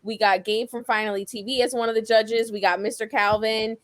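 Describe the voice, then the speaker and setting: A woman's voice: fairly high pitch, little pitch movement, a little fast, no room sound. A woman guesting on a podcast, laying out event details in a matter-of-fact way. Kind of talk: casual podcast chat.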